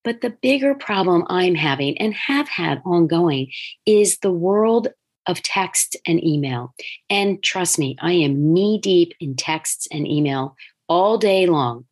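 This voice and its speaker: A middle-aged woman with a husky, slightly low voice talks through her work life on her own podcast. She tells stories in an animated, conversational way and slips into other people's voices when she quotes them. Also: slow. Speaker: podcast host, designer. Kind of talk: casual solo podcast talk.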